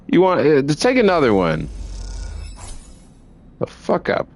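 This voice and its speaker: A young man giving casual, excitable let's play commentary, swearing freely as he plays. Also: fairly high pitch, measured pace, gravelly. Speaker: gamer.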